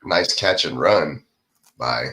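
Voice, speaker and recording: A man's voice: extremely low pitch, lively intonation, slow, bright, forceful tone, faint music behind. A man co-hosting a podcast, chatting casually and calling plays while watching a football game. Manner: play-by-play remarks, laughs often. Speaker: podcast co-host.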